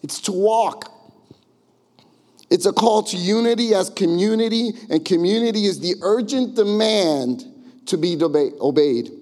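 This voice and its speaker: A man's voice: high-pitched, a little mellow. Emphatic man preaching in a reverberant church. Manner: emphatic preaching, call-and-response. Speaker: pastor. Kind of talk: sermon. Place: church sanctuary. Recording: long reverb of a church hall.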